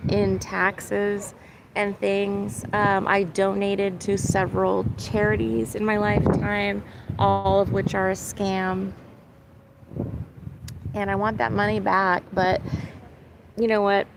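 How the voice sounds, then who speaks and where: A woman with a gravelly voice talks in a loose, rambling vlog monologue, forever checking in with a quick "right?". She is recording outside, and passing traffic is clearly heard behind her. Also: mid-range voice. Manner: meandering, frequent "right?" and "like" tags. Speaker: vlogger. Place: outdoors near boats and birds. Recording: outdoor recording with loud traffic noise.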